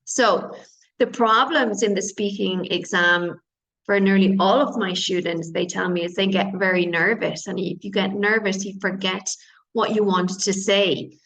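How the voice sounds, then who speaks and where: A woman English teacher giving an online lesson, explaining slowly, repeating phrases and glossing words. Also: mid-range voice, fairly even intonation, fairly bright tone, low-quality recording. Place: based in Spain.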